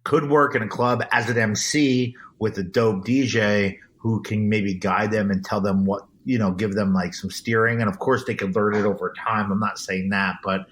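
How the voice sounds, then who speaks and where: A man's voice: lowish voice, steady tone, moderate pace, few pauses, fairly bright tone. A man being interviewed as an event DJ, talking in an earnest, emphatic way with frequent restarts. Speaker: guest, event DJ. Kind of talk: casual interview.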